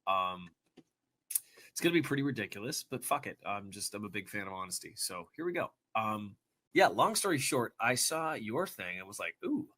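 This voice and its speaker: Guy rambling about himself, jokey, low voice but kinda sharp and bright. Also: expressive, moderate pace. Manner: rambling, joking, self-deprecating, sweary. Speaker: person in an archived video clip. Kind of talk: rambling self-introduction video.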